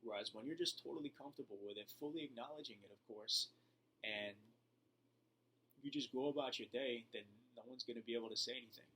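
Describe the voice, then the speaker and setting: Earnest man giving calm advice. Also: mid-range voice, quick pace, a little hiss or hum, low-quality recording. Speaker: self-help vlogger. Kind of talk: motivational talk to camera.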